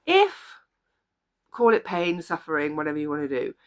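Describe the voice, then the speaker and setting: A woman's voice: low-pitched, sing-song, moderate pace. A woman life coach giving an earnest, encouraging motivational talk to the camera, repeating key phrases for emphasis. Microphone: camera or phone video.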